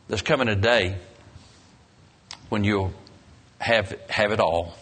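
Husky preacher man, dramatic. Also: slow pace. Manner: dramatic storytelling with rising, emphatic peaks and soft low endings. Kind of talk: sermon.

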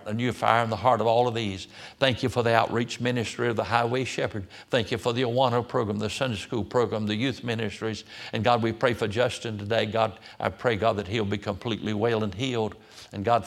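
Fervent preacher man. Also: medium pitch. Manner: fervent, pleading, repetitive appeals to God. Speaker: pastor. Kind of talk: sermon with prayer.

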